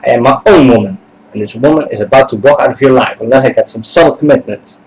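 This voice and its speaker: A man's voice: mid-range voice, fast, a little mellow, lightly acted, poor audio. A man voicing a meek, timid young woman nanny in a game, reading her lines with an apologetic manner. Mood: mock-scolding. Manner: meek and apologetic, then mock-scolding. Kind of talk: reading game dialogue aloud.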